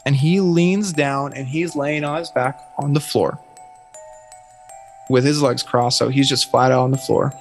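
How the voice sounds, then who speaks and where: A man telling a story as a guest on an interview podcast, lively and acting out what others said. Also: mid-range voice, unhurried, soft background music.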